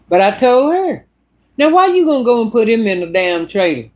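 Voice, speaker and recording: A woman's voice: fairly high pitch, moderate pace. A woman telling a story in a casual vlog monologue, blunt and full of cussing. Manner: blunt, profane, animated. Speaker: vlogger.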